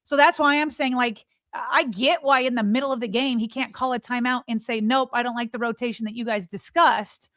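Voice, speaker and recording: A woman's voice: a little high, steady tone, a little fast, few pauses, a bit bright, no echo, clean studio sound. A woman co-hosting a sports podcast, arguing emphatically and firing off rhetorical questions in exasperation. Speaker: podcast co-host. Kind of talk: heated sports podcast argument.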